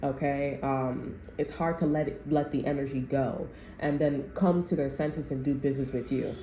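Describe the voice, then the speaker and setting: A woman's voice: a bass voice, fairly even intonation, normal speed, warm tone, faint music behind. A woman giving a casual tarot reading, rambling and profane, with slangy talk and bursts of laughter. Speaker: tarot reader. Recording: echoey room.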